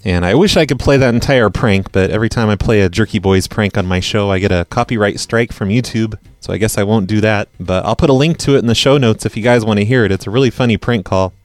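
A man's voice: fairly low pitch, fast, few pauses, no room sound. An American man hosting a prank call show, chatting in a wry, offhand way. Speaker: podcast host.

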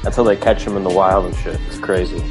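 A man co-hosting a prank call show, playful and joking, posing deadpan as an official. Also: low-pitched, fast talker, music in the background. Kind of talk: prank calling and banter.

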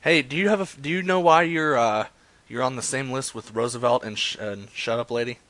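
A man's voice: mid-range voice, fairly quick, a bit bright, dry recording. Crude rambling man hosting a stream. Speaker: live-stream host making prank calls. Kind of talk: casual profane streaming chat.

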